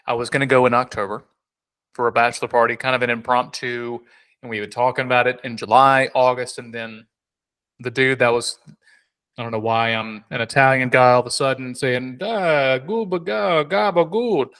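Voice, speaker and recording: A man's voice: medium pitch, little pitch movement, brisk, bright, forceful tone, clean tone. A man co-hosting a casual podcast, rambling and joking with many restarts. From South Carolina. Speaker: podcast co-host.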